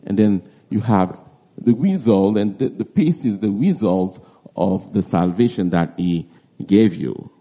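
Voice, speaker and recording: Slow halting preacher man, dark voice. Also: on the low side. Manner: halting, with frequent restarts and repeated words. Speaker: preacher teaching a Bible passage. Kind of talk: expository Bible teaching.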